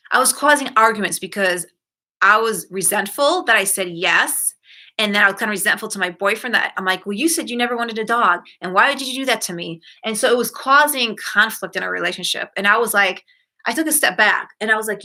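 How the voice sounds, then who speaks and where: A woman's voice: medium pitch, bright, forceful tone. A middle-aged woman hosting a self-help talk, chatting in a rambling, self-correcting way and acting out quoted lines in a shifted voice. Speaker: self-help podcast host. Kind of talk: casual solo talk.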